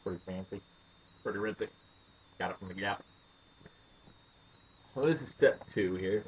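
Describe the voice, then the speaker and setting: American dude rambling jokey tips on a muffled home vid, kinda raspy. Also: male voice, low-pitched, normal speed. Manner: mock-serious, wry, rambling. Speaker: vlogger. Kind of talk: joking how-to vlog.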